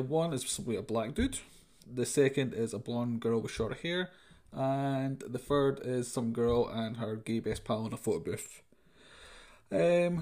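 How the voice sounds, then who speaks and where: A man's voice: mid-range voice, dark tone. A man hosting a podcast, ranting sarcastically in a rambling comic monologue full of fillers. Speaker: podcast host.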